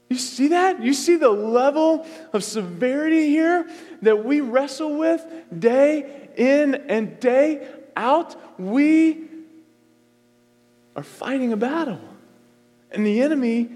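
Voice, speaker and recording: Male pastor, high voice, emphatic sermon delivery, repeats lines, long hall reverb. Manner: emphatic, repeats phrases, swings between loud and soft.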